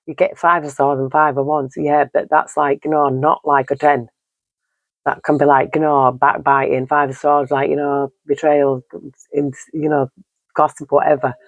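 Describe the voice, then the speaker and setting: A man's voice: on the high side, a little hiss or hum, rough recording. A man giving an earnest, encouraging tarot card reading, rambling and repeating himself often. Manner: rambling and repetitive, leaning on "you know". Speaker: tarot reader.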